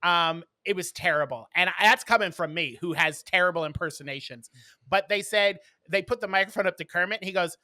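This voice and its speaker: A man with a bright, forceful voice co-hosts a casual podcast. He tells stories bluntly and with plenty of snark, in a dry, close sound. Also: high voice, fairly quick, no echo. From New York. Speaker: podcast co-host. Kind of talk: casual chat.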